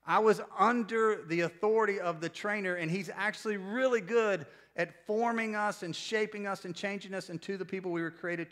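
Guy preaching in church, kinda high voice, jokey, gets loud out of nowhere. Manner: animated, joking, with sudden loud bursts. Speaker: pastor. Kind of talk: sermon. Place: church service before a congregation.

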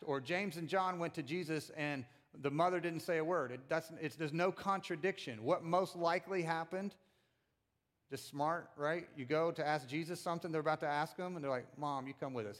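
A middle-aged pastor delivers a conversational sermon, animated and acting out the voices of people in his story. He speaks at normal speed with a fairly high pitch.

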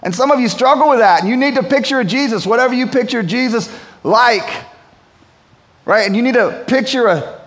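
A man's voice: very high-pitched, normal speed, fairly bright tone. A pastor preaching a sermon to his church in a conversational, storytelling manner. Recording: long hall reverb.

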